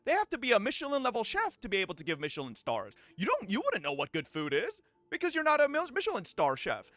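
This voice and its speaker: Lively high-voiced male streamer. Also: no room sound. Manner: animated, profane, laughs often, addresses chat. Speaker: streamer reacting to clips. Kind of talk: casual live-stream commentary.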